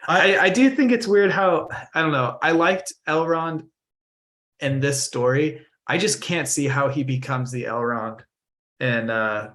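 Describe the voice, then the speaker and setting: Podcast cohost guy, talks real slow, easygoing, laughs a lot. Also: a little high, fairly bright tone. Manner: slow, laid-back, laughs often. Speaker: podcast co-host. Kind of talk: casual podcast chat.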